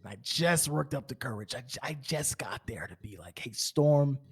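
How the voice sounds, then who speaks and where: This man's medium-pitched voice is expressive, husky and fairly bright, and he talks a little fast. He's roleplaying on a game server, spinning a rambling in-character story as casual chat, full of fillers and stammering restarts.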